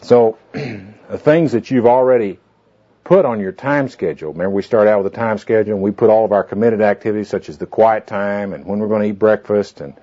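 A man's voice: lowish voice, brisk, dark tone. A man leading a small group through a goal-setting handout, talking in a folksy, rambling way with fillers and asides. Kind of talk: informal classroom talk with anecdotes. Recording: dull lo-fi tape recording.

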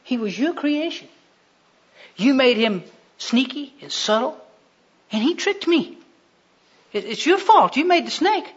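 A preacher putting on a whiny, defensive Eve. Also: male voice, extremely high pitch, expressive, unhurried, long pauses, fairly bright tone, slightly rough, pitched above the performer's own voice, full character voice. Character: Eve, indignant first woman blaming others. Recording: dull lo-fi recording.

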